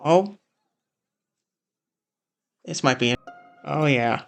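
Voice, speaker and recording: Male streamer, casual running commentary, slightly high voice, hesitant, faint music behind. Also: drawn-out words, creaky. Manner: rambling, hesitant, talks over the broadcast. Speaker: streamer reacting to a live game showcase.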